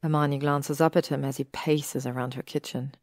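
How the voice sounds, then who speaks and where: A woman narrating an audiobook story in a measured, even way. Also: extremely low pitch, no echo, studio quality. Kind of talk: audiobook reading of fan fiction.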